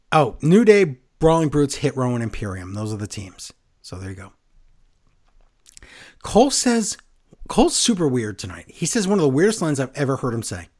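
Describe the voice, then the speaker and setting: Male co-host, mid pitch, very lively delivery, sarcastic recap banter. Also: husky. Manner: animated, sarcastic play-by-play. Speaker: wrestling podcast co-host. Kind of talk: casual recap chat.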